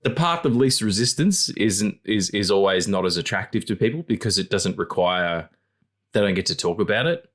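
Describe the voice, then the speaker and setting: A man co-hosting a podcast, rambling in casual chat, swearing freely and acting out quotes in squeaky voices. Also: lively intonation, moderate pace. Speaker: podcast co-host.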